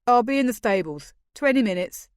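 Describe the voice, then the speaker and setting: A woman's voice: on the high side, expressive, fairly quick, dry recording, studio quality, close to an everyday voice. A woman narrating an audiobook, voicing a joking, easygoing young male palace guardsman who teases his friends. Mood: curt. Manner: teasing, croaks a mock rustic accent at times. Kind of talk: audiobook character reading.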